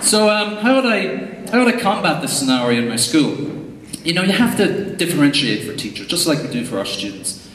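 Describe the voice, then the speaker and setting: A man's voice: on the high side, sing-song, brisk, a crowd in the background, noisy background. A young Irish man giving a humorous, chatty conference talk as a tech coach, full of fillers and asides. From Ireland. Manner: jokey, chatty, lots of fillers. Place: large hall before an audience. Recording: echoey hall recording from far off.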